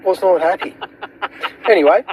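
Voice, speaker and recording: A man's voice: sits high, normal speed, highs cut off, very noisy. A man with an Australian accent giving a crude, swearing film rant and telling a comic anecdote, often laughing at his own jokes. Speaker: contributor sending in a recorded review.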